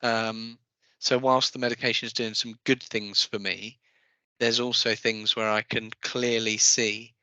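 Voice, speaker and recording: A man shares his thoughts on a podcast in a hesitant, reflective manner. His voice is bright and tense, and it sounds close and dry with no room around it. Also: lowish voice, level tone, measured pace, no room sound, rough recording. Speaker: podcast co-host. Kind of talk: casual chat.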